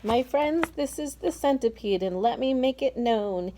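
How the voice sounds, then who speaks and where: A woman's voice: high-pitched, expressive, a little slow, a little hiss or hum, pitched above the performer's own voice. A woman doing a cheerful young boy. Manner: bright, welcoming, sing-song rhymes.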